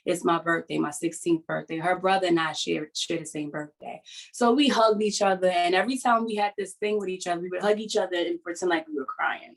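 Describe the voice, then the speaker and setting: A woman who is a writer, hosting a support session and telling a personal story over a video call in an earnest, halting, confessional way. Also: fairly low pitch, low-quality recording.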